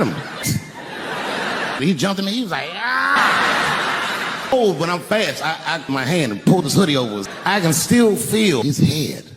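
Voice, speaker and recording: Male stand-up comic, lively swooping delivery, profane, in a noisy live recording. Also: a little high. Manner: animated, profane, acts out scenes. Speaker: stand-up comedian. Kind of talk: stand-up storytelling.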